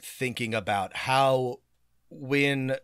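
A man co-hosting a podcast, talking casually in an animated, sarcastic and profane way. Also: mid-range voice, very slow, smooth, dry recording, clean studio sound. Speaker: podcast co-host. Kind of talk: casual chat.

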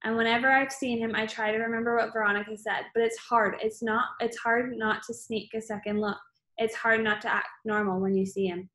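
A woman narrates a novel aloud in a plain, steady way, with a fairly high voice. The recording carries a noticeable roomy echo. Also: brisk. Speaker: audiobook reader.

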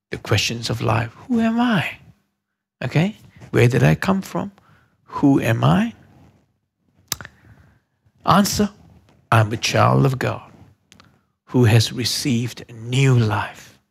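A man's voice: mid-range voice, gravelly, breathy edge. A man teaching a church course lesson, repeating each key question and checking in with "okay?" as he goes. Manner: slow emphatic delivery with hesitant restarts.

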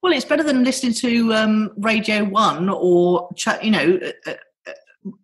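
A woman's voice: mid-range voice, normal speed. A woman hosting a podcast, arguing her point with eager, rambling enthusiasm and frequent laughs. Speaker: podcast host. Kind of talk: casual chat.

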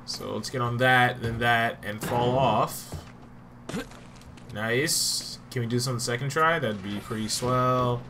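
A man's voice: medium pitch, measured pace, noisy background. A young man giving casual gameplay commentary, joking and swearing. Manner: swearing, joking, easily startled. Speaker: gamer.

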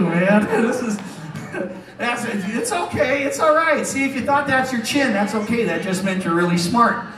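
A middle-aged man doing comedic stage banter as a hypnotist, teasing the crowd with quick jokes and frequent chuckles. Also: high voice, fairly bright tone. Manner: wisecracking, teasing the audience, chuckles often. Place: casino showroom stage. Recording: echoey hall from a distance.

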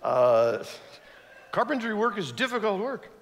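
A man who grew up in Ivory Coast, preaching a sermon with animated storytelling and questions to the audience. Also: sits high, unhurried. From Ivory Coast, West Africa. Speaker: guest preacher. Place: church sanctuary. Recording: long church reverb.

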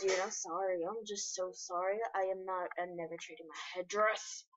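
A woman's voice: fairly low pitch, fairly even intonation, normal speed, lo-fi sound, noisy background. A young woman chatting and giggling while she plays an online game and talks to her viewers. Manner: chatty and giggly, often laughs mid-sentence. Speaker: game video creator. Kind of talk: casual gameplay commentary. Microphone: computer screen recorder mic.

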